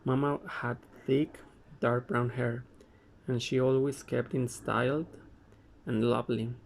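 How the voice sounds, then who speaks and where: Slow, gravelly man reading aloud. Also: mid-range voice, little pitch movement, a little hiss or hum. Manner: halting, frequent stumbles and self-corrections. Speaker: amateur reader.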